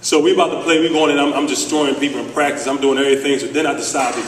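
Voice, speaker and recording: A man from Philadelphia giving an animated, joking ceremony speech about his playing days. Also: medium pitch, racing, a little hiss or hum. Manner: animated, joking storyteller with restarts. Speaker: former player giving induction speech. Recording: echoey hall, speaker far from mic.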